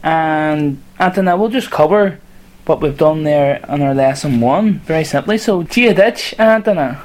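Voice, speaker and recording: A man's voice: a little high, measured pace. Irish man hosting a language podcast. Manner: relaxed, hesitant, uses fillers. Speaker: podcast host. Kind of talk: casual language lesson.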